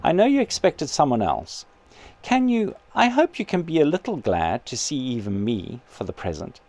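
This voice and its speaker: A man reading aloud as a patient male spirit who gently and earnestly persuades his grieving sister. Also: fairly high pitch, moderate pace. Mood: gentle. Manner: calm, kindly, earnest persuasion.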